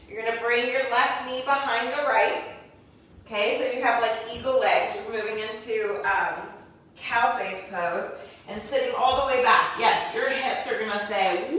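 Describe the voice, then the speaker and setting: A woman teaching a guided yoga class, calmly cueing each move step by step with spiritual encouragement. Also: fairly high pitch. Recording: very echoey room, voice from a distance.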